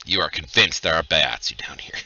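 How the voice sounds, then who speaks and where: A man's voice: extremely low pitch, expressive, brisk, pushed and bright, dry recording, lo-fi sound. A man narrating a tabletop role-playing game as dungeon master, describing scenes and joking with his players. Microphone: headset over voice chat.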